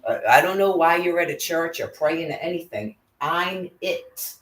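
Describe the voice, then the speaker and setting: A woman's voice: fairly low pitch, steady tone, moderate pace. A woman in an agitated, profanity-filled angry monologue to camera. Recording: roomy echo.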